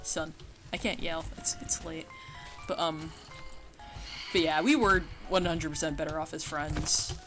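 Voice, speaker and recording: A woman's voice: low voice, steady tone, measured pace, pauses often. A woman streaming a game, chatting casually and rambling with lots of fillers, now and then yelping at the game. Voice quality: worries her voice sounds nasal. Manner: rambling, filler-heavy, breaks into yelps at the game. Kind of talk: casual gaming stream chat. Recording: game music playing behind.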